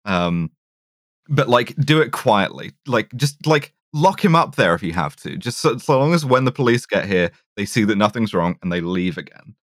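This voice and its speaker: A man's voice: lowish voice, animated, normal speed, a bit bright, no room sound, studio quality. Chatty man recapping a film. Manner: chatty, recaps plot with acted-out quotes. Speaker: podcast co-host. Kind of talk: casual film discussion.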